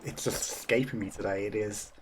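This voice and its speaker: A woman's voice: rumbling low, steady tone, fairly quick, a little hiss or hum. A Welsh woman streaming a game with casual, self-deprecating commentary and frequent laughter. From Wales. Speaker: let's play streamer.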